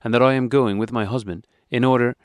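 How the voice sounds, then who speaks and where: A man's voice: mid-range voice, fairly even intonation, quick pace, dry recording, clean studio sound, pitched above the performer's own voice, natural voice. A man reading an audiobook, voicing a young wife who pleads and protests indignantly. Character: young wife, upset and insistent.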